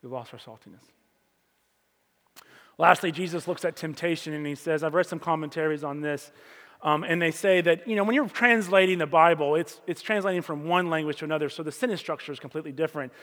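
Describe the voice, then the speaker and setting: With long reverb suggesting a big sanctuary, a pastor whose voice is a little high for a man delivers a fast, relaxed sermon. His conversational style jumps from abrupt loud stresses to quiet asides.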